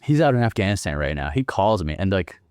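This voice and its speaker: Veteran man in his thirties, low-pitched, dry and close; laid-back, profane storyteller for an interview. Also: very animated, fast talker, darkish tone, no echo. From Northern California. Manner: laid-back and profane, acts out quoted dialogue. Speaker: podcast guest, military veteran.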